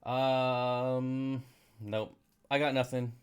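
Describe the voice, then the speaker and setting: A man's voice: medium pitch, little pitch movement, drawn-out words, clear, resonant tone. Casual male streamer, rambling chat, dry sarcasm, frustrated asides. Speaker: aquarium channel live streamer. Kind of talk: casual live stream chat reading comments.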